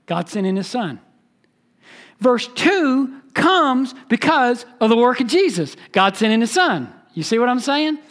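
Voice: mid-range voice, fairly bright tone. A pastor preaching an expository sermon, emphatic and teaching, repeating key phrases and asking the listeners questions.

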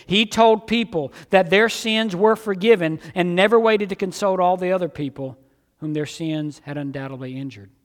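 A man preaching a sermon, swinging between emphatic outbursts and hushed, low passages. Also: long reverb tail.

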